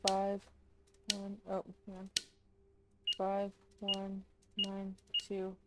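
A woman's voice: medium pitch, monotone, very slow, very noisy. A woman streamer giving casual gameplay commentary, chatty and apologetic, swearing and laughing often. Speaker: streamer playing a horror game.

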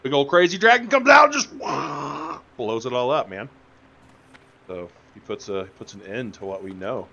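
A man's voice: medium pitch, sing-song, normal speed, bright, forceful tone, dull audio. Rambling, joking male game streamer. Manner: rambling, joking, talks to chat. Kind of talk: casual live-stream gameplay commentary.

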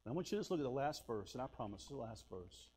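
A man preaching a sermon, telling folksy personal stories and swinging between loud bursts and hushed asides. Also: medium pitch, big pitch swings, fast, slight background noise. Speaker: pastor.

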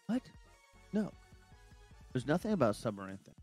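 Man, mid pitch, very lively intonation, playful gaming banter, light music underneath. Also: normal speed, husky. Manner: playful, jokey, swings between loud and quiet. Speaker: gaming friend. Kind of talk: casual gaming chat.

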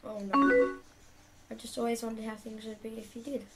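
A woman's voice: fairly high pitch, moderate pace. A young woman casually reading typed chat lines aloud and adding chatty asides to the camera. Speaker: YouTuber playing a chat game. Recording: loud background music.

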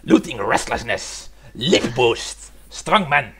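A man's voice: medium pitch, lively intonation, slow, fairly bright tone. A man commentating a game in a giggly, self-mocking way. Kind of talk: casual gaming commentary.

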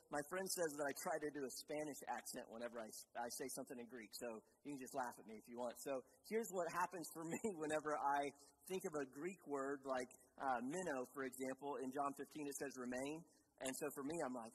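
A man with a twang preaches at a youth conference, his voice a little high for a man. He spins homespun stories and then drives his point home with emphatic preaching, his voice ringing in a reverberant church hall with a faint hiss behind it. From Southwest Missouri. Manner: folksy storytelling, builds to emphatic preaching. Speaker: youth speaker. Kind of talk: sermon. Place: church auditorium.

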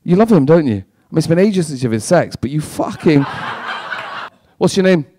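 Male stand-up, fairly high voice, dry close sound, brash and sweary with the crowd. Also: sing-song, a little mellow, no echo. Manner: brash, sweary, quick banter with the audience. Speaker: stand-up comedian. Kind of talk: stand-up comedy with crowd work. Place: live comedy venue.

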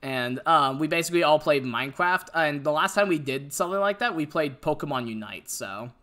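A woman's voice: low voice, expressive, a little fast, fairly bright tone. A woman streamer chatting casually on a live stream, rambling, giggly and self-deprecating.

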